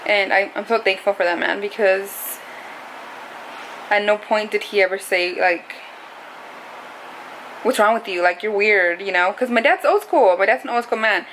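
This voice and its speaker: A woman's voice: mid-range voice, moderate pace, fairly bright tone, a little hiss or hum, poor audio. A young adult woman talking to camera in a casual, confessional vlog, rambling and saying "like" a lot. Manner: rambling, heavy use of "like". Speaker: vlogger.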